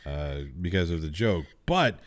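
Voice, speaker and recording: Easygoing co-host, very deep male voice, Western American accent. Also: big pitch swings, measured pace. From United States. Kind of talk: casual livestream chat.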